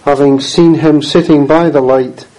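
A man preaching in a slow, deliberate cadence with a mellow, dark tone. He reads scripture plainly and earnestly, pausing to clear his throat and cough. The sermon unfolds unhurried. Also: on the high side, steady tone, poor audio.

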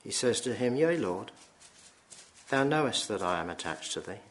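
A man's voice: fairly low pitch, animated. Solemn man reading scripture. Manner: slow, solemn reading with throat-clearing. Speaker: preacher.

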